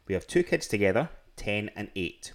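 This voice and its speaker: A man's voice: fairly low pitch, very animated, normal speed, a crowd in the background. A Scottish man co-hosting a podcast, telling stories in casual chat with many restarts. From Scotland. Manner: rambling storytelling with frequent restarts and laughs. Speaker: podcast co-host.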